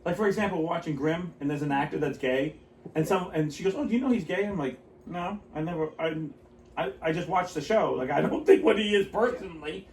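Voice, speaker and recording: Male podcast co-host, casual rambler, higher voice, roomy distant mic, faint noise. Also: fairly quick. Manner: rambling, animated storytelling with frequent laughter. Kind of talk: casual chat.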